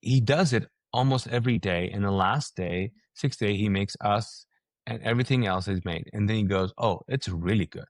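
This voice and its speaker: A man's voice: normal speed, no room sound. A man, a pastor and author, talking as a guest in a casual, preaching way and acting out quoted reactions. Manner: energetic, acts out quoted reactions with rising pitch. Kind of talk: animated conversational preaching.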